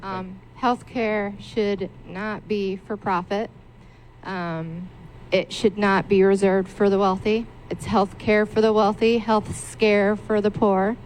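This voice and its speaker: A woman's voice: medium pitch, level tone, slow pace, darkish tone, slight background noise. A woman in the audience at a town hall, earnest, making her point in short repeated slogans. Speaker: audience member.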